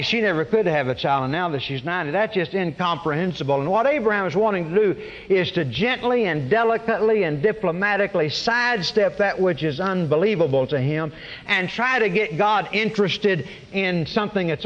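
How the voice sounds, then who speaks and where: A man's voice: sits high, animated, a little fast, fairly bright tone, dull audio. Man preaching in a reverberant hall. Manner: conversational storytelling with wry humor and frequent restarts. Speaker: pastor. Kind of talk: sermon.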